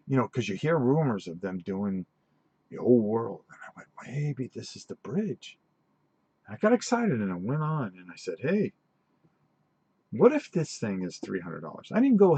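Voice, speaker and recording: Husky, animated man chatting on a live stream. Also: medium pitch, normal speed, dry recording. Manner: rambling, animated storytelling with many restarts. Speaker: host of a tabletop gaming channel.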